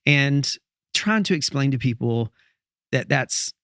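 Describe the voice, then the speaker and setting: A songwriter guest on a podcast who talks earnestly and reflectively and thinks aloud. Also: male voice, mid-range voice, animated, slow, fairly bright tone, dry recording, studio quality. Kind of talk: casual interview conversation.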